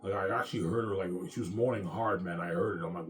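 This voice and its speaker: A man in his thirties rants to camera in a bitter, rambling and profane way. He talks very fast in a lowish voice. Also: a little hiss or hum. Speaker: vlogger. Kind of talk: casual rant to camera.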